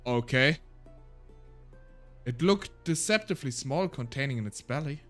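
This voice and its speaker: A man's voice: mid-range voice, animated, a little slow, a bit bright, soft background music. A man streaming a game, chatting casually and reading its text aloud, laughing often and tripping over his words.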